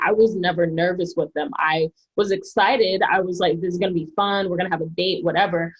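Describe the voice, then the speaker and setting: A woman's voice: lowish voice, husky, muffled recording. A woman on a podcast panel telling stories in a chatty way, full of "like" and "um". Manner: chatty, storytelling, frequent "like" and "um". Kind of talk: casual debate chat.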